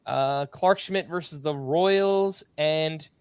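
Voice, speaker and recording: A man hosting a casual sports podcast, running briskly through stat updates and laughing often. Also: a little high, smooth, no room sound, clean studio sound. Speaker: podcast host.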